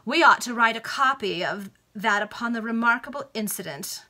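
Woman doing a vain young baronet: lilting, affected, pitched up. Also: expressive, normal speed, sharp tone. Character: effeminate young baronet of nineteen, silly and vain.

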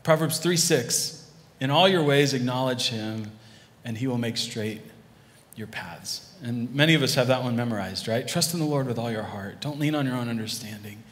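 A man's voice: mid-range voice, moderate pace. A male pastor giving a conversational sermon, with frequent restarts and asides to the congregation. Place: church hall. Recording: long hall reverb.

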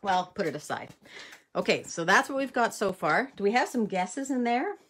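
A woman's voice: mid-range voice, lively intonation, normal speed, fairly bright tone, slight background noise. A middle-aged woman from Canada leading a live card-making demonstration, chatty and thinking aloud as she works, often correcting herself.

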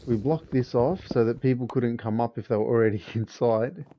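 Mellow-voiced man jumpily narrating gameplay. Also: medium pitch, normal speed, slight background noise. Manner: jumpy, talks to himself and his pets in-game. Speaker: gamer. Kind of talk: live gameplay commentary.

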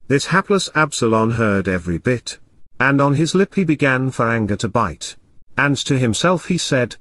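A man narrating a classic tale as an audiobook, in a measured storytelling way. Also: medium pitch, animated, a bit bright, no room sound.

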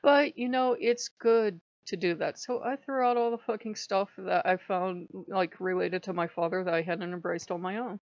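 A woman's voice: mid-range voice, moderate pace, hardly any pauses, no room sound, highs cut off. A woman talking in a casual vlog monologue, blunt and profane, rambling and often breaking into laughs. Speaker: spiritual YouTuber.

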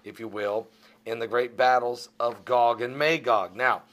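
A man giving fervent religious commentary in a vlog, emphatic and exhorting, often climbing into loud outbursts. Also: medium pitch, fairly even intonation, measured pace.

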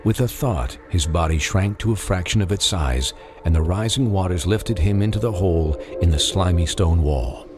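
Very deep-voiced man narrating a dark tale. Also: animated. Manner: dark, measured storytelling. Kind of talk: dramatic audiobook narration. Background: music.

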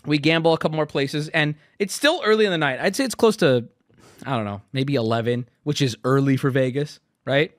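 A man's voice: on the high side, fairly quick, no room sound, clean studio sound. A male streamer hosting his show and telling a story in casual, profane style, laughing often as he talks. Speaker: streamer host.

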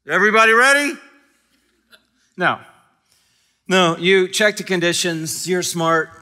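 A man's voice: high voice, little pitch movement, slow pace, pushed and bright. A man preaching a sermon as a pastor, in a conversational, humorous storytelling way with frequent restarts.

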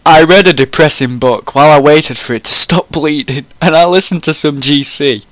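A man's voice: on the high side, moderate pace, a bit bright, no echo. A man reading a fan story aloud in a comic, mock-serious way, often breaking into laughter.

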